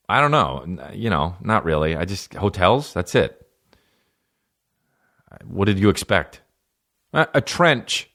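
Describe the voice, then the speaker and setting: A low-pitched, slightly bright male voice hosts a solo comedy show built on fan questions. He reads each one and riffs crudely and sarcastically, breaking into mocking impressions.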